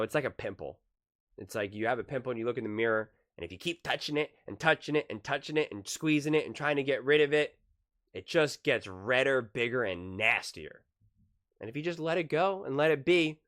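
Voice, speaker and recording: A man hosting a casual basketball opinion vlog, talking with analogies and acting out quotes. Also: medium pitch. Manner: lively, with acted-out quotes and analogies. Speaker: basketball commentary host.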